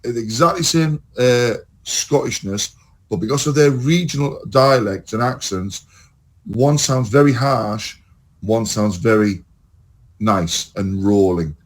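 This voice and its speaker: A man's voice: medium pitch, takes it slowly. An English man co-hosting a podcast in casual chat, rambling and swearing as he tells stories. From England. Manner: swearing, rambling, animated storytelling. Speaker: podcast co-host.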